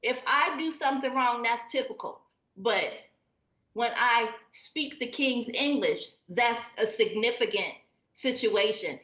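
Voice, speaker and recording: A woman in her forties, a guest on a live talk show, speaking in an earnest, measured way with fillers like um. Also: a little high, fairly bright tone, reverberant, low-quality recording.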